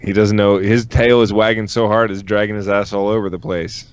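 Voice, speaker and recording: A man's voice: on the low side, flat delivery, clear, resonant tone, highs cut off. A man co-hosting a comedy podcast, joking crudely and teasing his co-hosts. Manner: crude, joking, quick asides. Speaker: podcast co-host. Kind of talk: casual comedy podcast banter.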